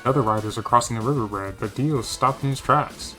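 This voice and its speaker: A man voicing an excitable male race commentator in a fan-dubbed game, calling the action play by play. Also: mid-range voice, a little fast, soft background music, lightly acted. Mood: excited.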